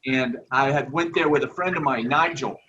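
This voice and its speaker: A man telling family stories in a lively, laughing way during a video call. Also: medium pitch, moderate pace. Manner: lively storyteller, laughs often. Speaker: family member sharing memories. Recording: muffled, distant, noisy call audio.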